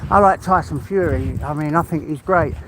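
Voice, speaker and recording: A man's voice: fairly high pitch, moderate pace, background noise. An English man live-streaming as he walks his dog outdoors, chatting and rambling to viewers, out of breath, often laughing and greeting people by name. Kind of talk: casual chat to live viewers while walking.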